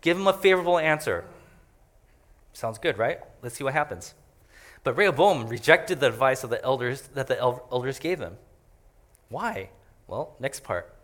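A man with a mid-range, fairly bright voice preaches a conversational sermon as a pastor, speaking at normal speed. He's animated, joking and chatty as he explains a passage, and he laughs often.

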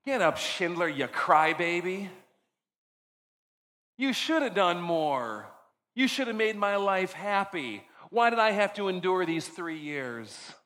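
A man voicing an indignant crowd member who berates a weeping man loudly and with scorn, in the middle of a sermon. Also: high voice, sing-song, takes it slowly, big-room sound, voice pushed up, exaggerated voice. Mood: scornful. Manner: loud, scornful jeering.

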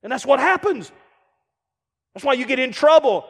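A middle-aged man preaching a sermon, animated, with acted-out asides and rhetorical questions. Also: very high-pitched, normal speed. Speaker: guest preacher. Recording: reverberant hall.

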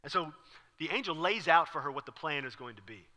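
A man preaching a sermon as pastor, talking casually and acting out the scene with sudden loud bursts. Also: fairly high pitch, expressive, brisk. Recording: long reverb hall.

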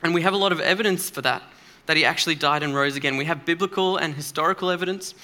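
A man's voice: a little high, very fast, bright, forceful tone. A man preaching a sermon in a church, earnest and emphatic, speaking conversationally with occasional fillers.

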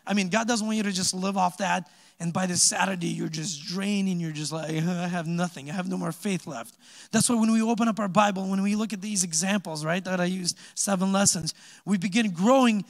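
A man giving a casual, chatty sermon, asking the congregation questions and joking between points. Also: high-pitched. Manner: chatty, joking asides with laughs, rhetorical questions. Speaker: pastor. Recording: long hall reverb.

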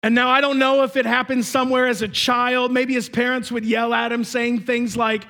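A man preaching a sermon as pastor in a church, emphatic, swinging between shouted lines and hushed asides. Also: very high voice, flat delivery, normal speed, hardly any pauses.

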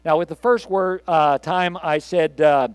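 Older man, pastor, recorded sermon, high voice, dry close sound, loud and quiet swings. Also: fairly even intonation, unhurried, clear, resonant tone, no room sound. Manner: conversational preaching, swings from loud emphasis to quiet asides.

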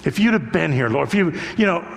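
An older male pastor's high-pitched, gravelly voice rings through a big hall with long reverb. His sermon is earnest and conversational, expressive and quick-paced, using repetition to drive points home.

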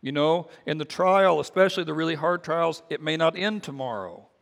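A man, a pastor, preaching a sermon in a relaxed conversational way, often restarting and repeating his words. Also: a little high, normal speed, vocal fry, big-room sound. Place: church sanctuary.

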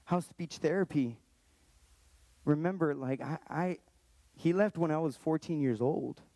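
A man in his thirties tells a personal story, earnest and halting, often circling back to restart a thought. His voice is mellow and warm. The sound is dry and close, with no room around it. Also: on the high side, no room sound. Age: 30s. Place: Texas, around Austin.

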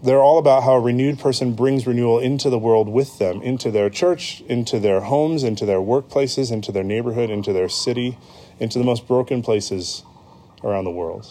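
A man's voice: medium pitch, fairly quick, mellow. An American man preaching a sermon in a conversational way, with frequent ums and self-corrections. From United States. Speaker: pastor.

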